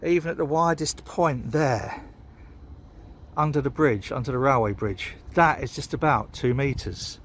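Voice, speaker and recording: Out by a canal, a British man with a medium-pitched voice and British English accent delivers a casual vlog rant, a little slowly, amid slight background noise. A bit tipsy after a beer, he rambles, swears, and rants heatedly.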